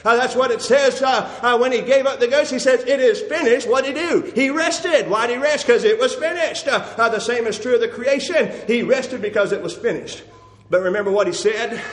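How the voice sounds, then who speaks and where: A man's voice: very high-pitched, a bit bright. A man preaching a sermon, asking questions and answering them himself, with frequent "uh" fillers and bursts of raised voice. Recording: roomy hall echo.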